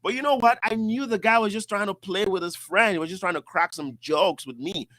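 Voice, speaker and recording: A man's voice: high-pitched, brisk. A man hosting a casual talk show, telling stories with animation and acting out the voices of others. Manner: animated storyteller, acts out voices. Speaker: show host. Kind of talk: casual podcast chat.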